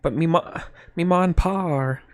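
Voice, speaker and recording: A man's voice: a little high, normal speed, a little mellow, no room sound, voice pushed up, natural voice. A man voicing a timid young peasant farm girl who stammers nervously. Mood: stammering. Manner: stammering, unsure.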